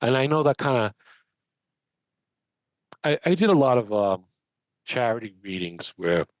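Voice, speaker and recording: A man, a medium and podcast guest, telling anecdotes in an animated, chatty way with many restarts. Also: mid-range voice, a little slow, dry recording. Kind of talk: conversational storytelling.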